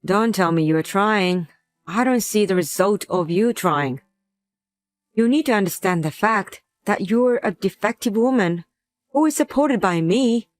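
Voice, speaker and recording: A woman's voice: mid-range voice, expressive, a little slow, natural voice. A woman voicing a resentful adult husband who talks in a curt, contemptuous way in a scripted drama.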